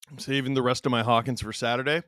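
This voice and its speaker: A man in his thirties hosting a stream, reading chat aloud and telling stories in an animated, casual way. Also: mid-range voice, quick pace, no room sound, clean studio sound. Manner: animated storyteller, reads chat aloud, laughs often.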